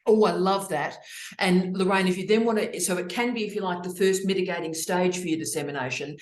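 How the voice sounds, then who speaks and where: A middle-aged woman hosting an online discussion, talking in an effusive, expressive way over a video call. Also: on the low side, brisk, reverberant. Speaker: host. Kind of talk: casual webinar discussion.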